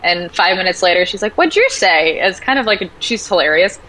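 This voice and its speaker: A woman talking casually as a podcast guest, animated, acting out quoted voices as she tells stories. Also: fairly low pitch, brisk, noisy background. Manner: animated storyteller, acts out quotes. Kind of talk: casual conversation.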